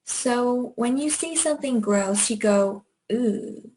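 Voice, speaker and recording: A woman's voice: fairly high pitch, measured pace, a little mellow, low-quality recording. A young woman teaching an online language lesson, patient and encouraging, sounding out words one syllable at a time.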